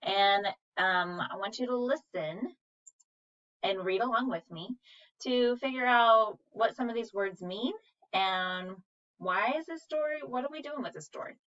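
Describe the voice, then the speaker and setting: A woman teaches a reading lesson at a slow, careful pace, sounding out each word syllable by syllable. Her voice is bright and clear. The recording is a little dull and distant from the mic. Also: medium pitch. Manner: patient, sounds out words syllable by syllable.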